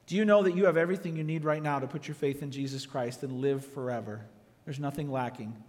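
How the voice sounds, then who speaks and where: A man preaching a sermon as pastor, animated and acting out quotes with sudden shouts. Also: mid-range voice, fast, big-room sound.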